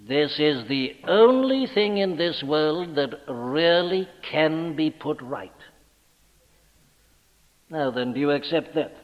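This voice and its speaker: Emphatic high-pitched preacher in a hall. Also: male voice, lively intonation, slow pace. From Wales. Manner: emphatic, rising to forceful declarations. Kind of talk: sermon. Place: church. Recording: dull archival recording in a large reverberant church.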